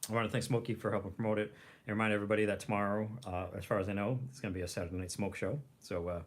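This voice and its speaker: A man hosting a casual livestream, rambling, clearing his throat and chewing as he talks. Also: fairly low pitch, level tone, racing. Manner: rambling, clears throat, chews while talking. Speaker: livestream host reviewing rations.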